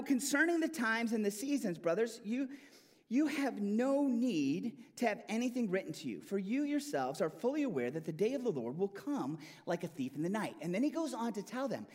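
Male pastor, sermon delivery, high voice with big swings in pitch, emphatic and prone to restarts. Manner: animated, emphatic preaching with rising and falling intensity.

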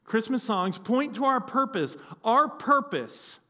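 A man preaching a sermon as pastor, telling a story with lively acted-out quotes. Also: very high voice, slow pace.

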